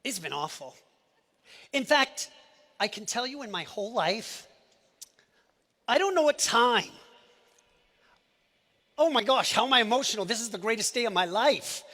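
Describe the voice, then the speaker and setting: A man giving an emotional presentation on stage at a live company event, swinging between shouted lines and hushed asides. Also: very high voice, animated, moderate pace, pauses often. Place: event stage before an audience.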